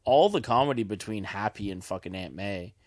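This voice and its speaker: A man's voice: fairly low pitch, lively intonation, a little fast, no room sound. A man co-hosting a podcast, chatting enthusiastically and swearing casually. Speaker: podcast co-host. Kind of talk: casual chat.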